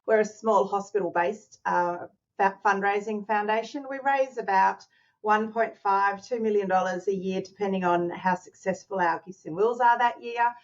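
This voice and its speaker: A middle-aged woman with an Australian accent, a charity chief, chatting warmly as an interview guest over a video call. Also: medium pitch, normal speed, lo-fi sound. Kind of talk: casual interview.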